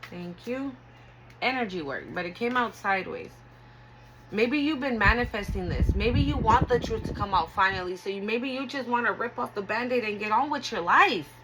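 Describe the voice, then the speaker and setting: A woman's voice: fairly high pitch, animated, brisk, background noise. A woman giving a casual tarot reading, talking bluntly and emotionally with lots of swearing. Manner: blunt, profane, emotional and earnest. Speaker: tarot reader.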